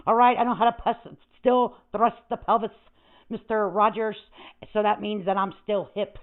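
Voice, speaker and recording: Speaking at a moderate pace with medium pitch and fairly even intonation, an older woman hosts a livestream in a brash, foul-mouthed, rambling rant. The audio is thin and phone-like, crackling with static.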